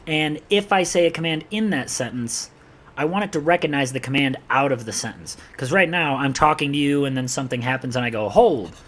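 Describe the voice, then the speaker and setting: A man's voice: mid-range voice, a little fast, a bit bright. A man from New York with a New York accent, rambling chattily through live gameplay commentary and talking to his chat. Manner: chatty, rambling, talks to chat while playing. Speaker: gaming streamer.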